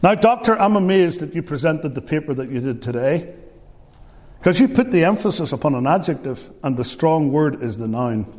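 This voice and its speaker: A man's voice: on the high side, animated, normal speed, a little mellow, natural voice. A preacher acting out a confident male scholar asking pointed questions, in a hall with long reverb. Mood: challenging.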